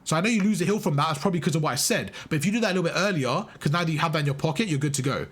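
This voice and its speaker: A young game coach gives live commentary as a player works through a match, emphatic and full of praise, repeating his instructions. His voice is a little high and breathy-edged, and he speaks in rapid-fire bursts.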